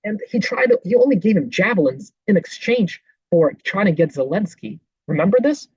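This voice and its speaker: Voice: medium pitch, animated, normal speed, darkish tone, husky, dry recording. A podcast host giving political commentary between clips, rebutting with indignant sarcasm. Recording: dull lo-fi dry recording.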